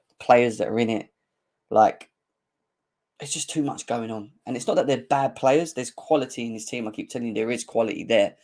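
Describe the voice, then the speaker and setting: A young man hosting a live football fan stream, bantering and mocking rival fans in slangy, excitable talk. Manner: mocking banter, slangy, laughs often, mimics rival fans in squeaky voices. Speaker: football channel host.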